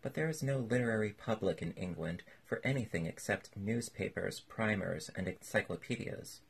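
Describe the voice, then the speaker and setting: A man plays a witty, languid aristocrat who drawls out his clever lines in a low, gravelly, very husky voice, like a classic storybook reading. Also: lively intonation, moderate pace, full character voice. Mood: urbane.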